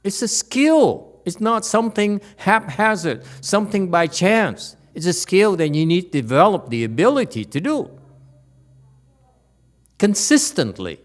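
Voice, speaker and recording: A man leads a dharma lecture in a temple hall. His voice sits a little high, and his delivery is animated and teasing, often asking the room whether the point is clear. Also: measured pace. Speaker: Buddhist teacher.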